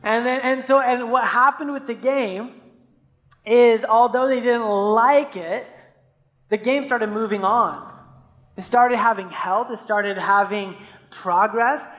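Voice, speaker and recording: A male pastor giving a sermon in a relaxed, conversational way, telling stories and often checking in with the listeners. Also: very high-pitched, slow. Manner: conversational preaching with stories, frequent "right?". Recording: echoey hall reverb.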